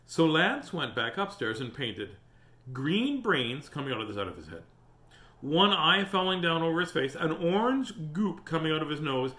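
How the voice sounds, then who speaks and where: A man's voice: fairly high pitch, moderate pace, a little hiss or hum. A man hosting a storytime, reading a picture book aloud and chatting with viewers. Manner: animated, chatty, greets viewers. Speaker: storytime host. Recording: roomy echo.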